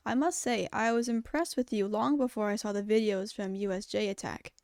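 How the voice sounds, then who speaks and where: A woman reading aloud and voicing a calm, formal male animal school principal who speaks in measured, polite, precise sentences. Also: mid-range voice, dry recording, clean studio sound, natural voice.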